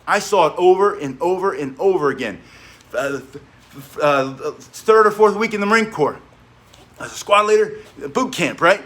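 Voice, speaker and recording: A fitness coach with a fairly high voice for a man, energetic and talkative, laughing through his stories and slipping into exercise directions. He talks in an indoor training gym. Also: normal speed. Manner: energetic, chatty, laughs while telling stories. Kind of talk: spoken workout instruction with war stories.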